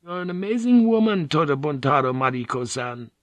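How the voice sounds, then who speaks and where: A man's voice: fairly high pitch, very animated, a little fast, no echo, voice pushed up. A man voicing a gracious, gossipy noblewoman. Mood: earnest. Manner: soft, gently effusive, courteous. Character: gracious middle-aged Japanese noblewoman, gossipy and sly. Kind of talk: audiobook character voice.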